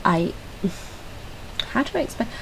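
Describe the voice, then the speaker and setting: A young British woman hosting a casual ranking video, talking in a scattered, swearing, laughing way and now and then breaking into squeaky voice stims. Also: very animated, measured pace, vocal fry, a bit bright, a little hiss or hum, rough recording. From Britain. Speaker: video host. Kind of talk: casual solo ranking chat.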